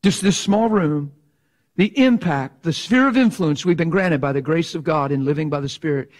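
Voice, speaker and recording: Male preacher, high voice, passionate, animated sermon delivery. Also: normal speed.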